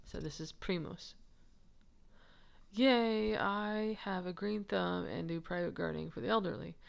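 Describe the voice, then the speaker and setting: A woman with a low, gravelly voice talks slowly through a casual lesson on a manuscript. She is chatty and giggly and rambles with restarts. She stops to answer viewer comments. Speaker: manuscript researcher presenting her findings.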